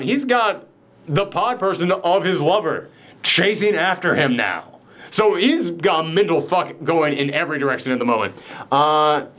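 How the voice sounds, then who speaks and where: A young man chatting through a film's ending with a friend in a loose, casual way, swearing now and then. He slips into quoted lines as he retells scenes, in his everyday speaking voice. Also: fairly high pitch. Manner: loose, profane, acts out quotes. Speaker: film reviewer. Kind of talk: casual spoiler chat.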